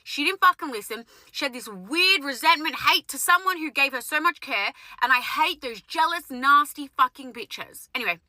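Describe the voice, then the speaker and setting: Aussie lash tech girl, blunt sweary storytime rant, bright sharp voice. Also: high voice, animated, normal speed, few pauses, no echo, low-quality recording. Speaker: lash technician.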